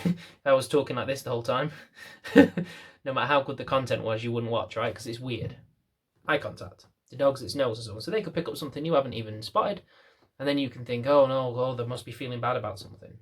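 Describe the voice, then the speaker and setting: This man, a dog trainer, sits in an indoor chair chatting casually to camera in a medium-pitched, slightly bright voice. Nothing is edited out, so fillers and restarts abound.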